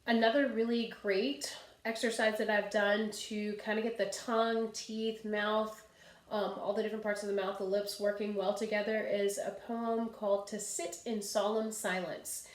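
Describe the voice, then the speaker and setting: A woman's voice: mid-range voice, little pitch movement, moderate pace. Chatty woman vocal coach, roomy sound. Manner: chatty and self-amused, breathy sighs during exercises. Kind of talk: casual vocal warm-up lesson. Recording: roomy echo.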